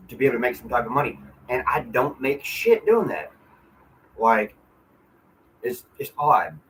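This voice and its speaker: A man talks straight into his camera at home, venting in a loose stream of swearing and half-finished sentences. His voice sits in an ordinary middle pitch. A faint hum runs under the recording. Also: a bit bright, rough recording. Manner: frustrated, profane, rambling with restarts. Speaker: vlogger. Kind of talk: casual venting monologue. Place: apartment.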